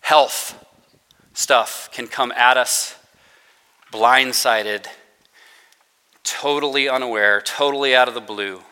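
A man giving a conversational sermon to students, joking and self-deprecating as he acts out quotes with gentle sarcasm. His voice is very bright and forward. Long reverb from a large hall trails behind his words. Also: medium pitch, steady tone, slow, pauses often, smooth. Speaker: director of spiritual formation, chapel speaker.

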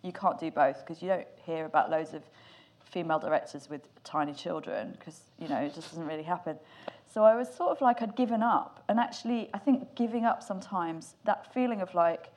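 Woman, film director, panel guest, candid, animated, slightly low voice. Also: a little fast. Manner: candid, animated, swears casually. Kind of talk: panel discussion.

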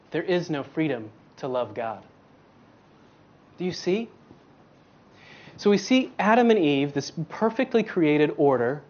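Slow, emphatic man preaching a sermon. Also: fairly high pitch, highs cut off. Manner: emphatic, with rhetorical questions and repeated words. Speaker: guest preacher.

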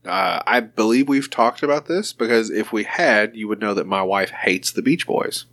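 A man co-hosting a podcast, joking crudely, swearing often and breaking into laughter. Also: normal speed. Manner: laughs often, swears, lively swings in pitch. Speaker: podcast co-host. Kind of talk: crude comedic banter.

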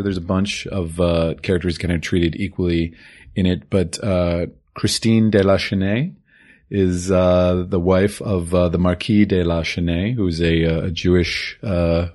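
Deep-voiced podcast guy walking through a movie plot, calm and explainy. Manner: explanatory, steady summarizing. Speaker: podcast co-host. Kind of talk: casual film discussion.

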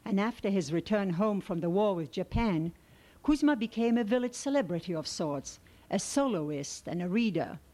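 A woman reading an excerpt from a translated novel aloud in a measured, steady way. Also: mid-range voice. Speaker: reader.

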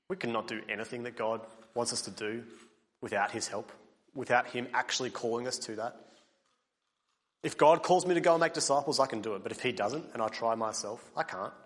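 A man preaching a sermon, earnest, building to emphatic peaks and then dropping quiet. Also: medium pitch, big-room sound. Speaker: pastor.

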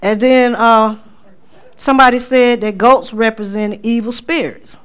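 A woman tells a testimony to a church congregation. She storytells with lively energy, and her pitch shoots up when she acts out her own cries. Her delivery is loose and conversational. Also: unhurried, clear, resonant tone. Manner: animated storytelling, voice climbing high for quoted exclamations. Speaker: speaker giving a testimony at church. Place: church sanctuary.

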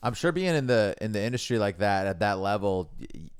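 A man co-hosting a casual podcast chat, laid-back and quick to laugh, with some playful freestyle rapping. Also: lowish voice, sing-song, clear, resonant tone. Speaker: podcast co-host.

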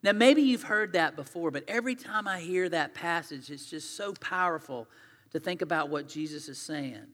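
A man preaches a sermon in a high, bright, forceful voice. He talks earnestly and conversationally, retelling scripture in his own words, and his voice rings with a long echo through a church hall. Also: lively intonation, normal speed. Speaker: pastor.

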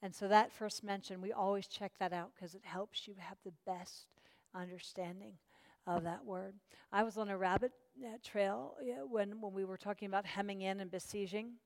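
A woman's voice: medium pitch, fairly even intonation, moderate pace, a little mellow, in a large hall. A woman teaching a Bible study class, encouraging and chatty, with many fillers and restarts.

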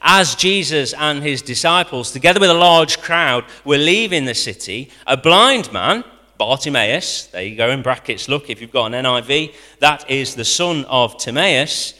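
Animated preacher in an echoing hall. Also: male voice, fairly high pitch. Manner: animated, rising to near-shouts when quoting, dropping to quiet asides. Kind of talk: sermon. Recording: long hall reverb.

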